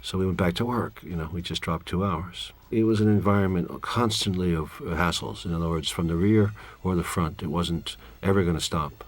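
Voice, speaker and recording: A man's voice: deep voice, moderate pace, hardly any pauses. A man giving a director's commentary, telling candid, wry, rambling stories about a film shoot. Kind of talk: director's commentary, reflective storytelling.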